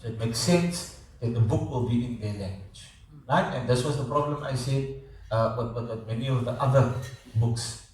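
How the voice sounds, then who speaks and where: In an echoey classroom, a man's voice comes from far off as he gives a lecture. His voice is mid-range and darkish in tone, with a moderate pace. He teaches conversationally, repeating words and checking that his students are following.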